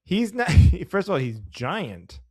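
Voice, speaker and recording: A man's voice: sits high, very animated, slow pace, darkish tone, no room sound, studio quality. A man co-hosting a podcast in loose, joking casual chat, with lots of fillers. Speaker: podcast co-host.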